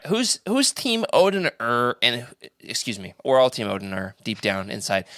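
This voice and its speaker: A man's voice: mid-range voice, no room sound, studio quality. A man hosting a casual podcast roundtable, playful and leading the discussion. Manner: animated, playful, leads the discussion. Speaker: podcast host.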